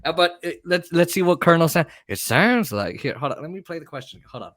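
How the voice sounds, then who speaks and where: A man's voice: fairly high pitch, big pitch swings, quick pace, fairly bright tone. A man hosting a livestream, chatting casually about politics in a loose, joking, profane way. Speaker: livestream host. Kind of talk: casual political commentary chat.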